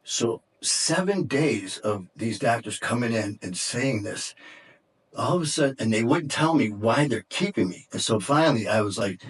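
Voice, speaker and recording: A man's voice: medium pitch, animated, moderate pace, slightly rough. A middle-aged man and podcast guest telling an intense, emotional story in conversation, profane and at times choked up. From Detroit area, USA.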